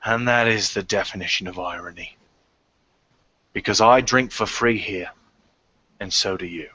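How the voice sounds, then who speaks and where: A man voicing a boisterous, proud male tavern warrior with a hearty, booming delivery, on a dry, muffled recording. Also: normal speed, sharp tone, husky, dry recording. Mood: earnest.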